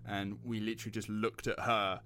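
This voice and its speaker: A man's voice: lowish voice, level tone, a little fast, sharp tone. A man from England co-hosting a casual podcast, rambling through anecdotes and swearing freely. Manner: rambling, swears, laughs at own stories. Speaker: podcast co-host. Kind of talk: casual chat.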